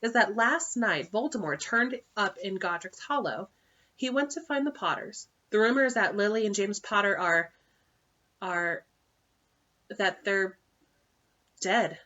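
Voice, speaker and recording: A woman reading the part of a stern, strict older woman professor, brisk and irritable, in a dull, lo-fi recording. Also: mid-range voice, lively intonation, bright, forceful tone. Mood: distressed.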